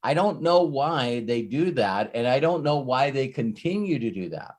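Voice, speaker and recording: A man's voice: mid-range voice, very animated, normal speed, darkish tone. Rambling male life coach. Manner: rambling, with frequent restarts and repeated words. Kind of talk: live coaching session talk.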